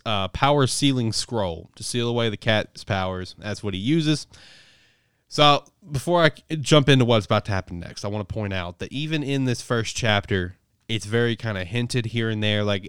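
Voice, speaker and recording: A man's voice: on the low side, clean tone, dry recording, clean studio sound. Profane, rambling man recapping a manga. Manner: profane, rambling, animated storytelling. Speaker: podcast host reviewing manga. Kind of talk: casual chat.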